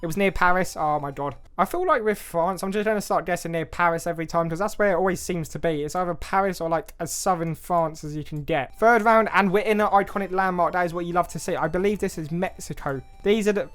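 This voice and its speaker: A man's voice: sits high, fast talker, hardly any pauses, a bit bright, clean tone, faint music behind. Chatty young Englishman thinking aloud. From England. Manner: chatty, self-mocking, second-guesses himself. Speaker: gaming YouTuber. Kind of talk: casual game commentary, thinking aloud.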